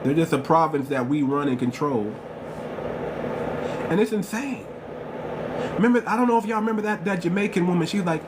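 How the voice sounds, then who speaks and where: A man's voice: on the high side, sing-song, normal speed, pauses often, very noisy. A man hosting a live stream, talking in an emphatic, repetitive, lecturing way.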